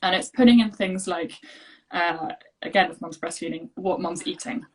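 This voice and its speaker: A woman's voice: lowish voice, moderate pace, poor audio. A woman, an allergy coach, talking casually over a video call with lots of fillers and restarts. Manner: chatty, many fillers and restarts. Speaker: allergy health coach, guest. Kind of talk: casual conversational interview.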